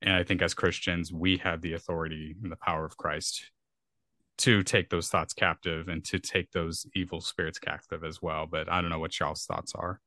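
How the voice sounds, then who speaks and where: A young male podcast co-host talks earnestly in casual conversational discussion, rambling and frequently restarting. The recording is dry and studio quality, and his low voice has little pitch movement, a sharp tone, and a moderate pace.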